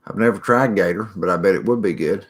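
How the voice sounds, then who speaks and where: A middle-aged man with a lowish voice hosts a relaxed livestream. He talks in a folksy, rambling way, greeting viewers by name and chatting about whatever comes up in the comments. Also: quick pace. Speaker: livestream host reading viewer chat. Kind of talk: casual chat.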